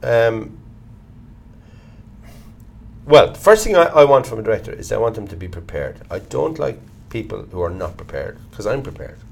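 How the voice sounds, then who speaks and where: A middle-aged Irish actor being interviewed, talking bluntly and swearing casually as he tells animated stories. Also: lowish voice, moderate pace, vocal fry, long pauses. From Ireland. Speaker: actor, guest. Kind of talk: candid conversational interview.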